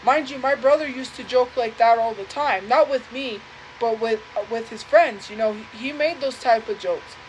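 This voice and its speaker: A young woman with a fairly high voice tells a personal story on a livestream. She speaks earnestly and haltingly, often restarts, and repeats her points. A faint hum of ambience sits behind her. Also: low-quality recording. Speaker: livestream host.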